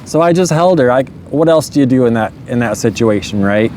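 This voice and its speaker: A man's voice: mid-range voice, animated, a little fast, hardly any pauses, noisy background. Rambling man telling a personal story. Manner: rambling, frequent "you know", chuckles.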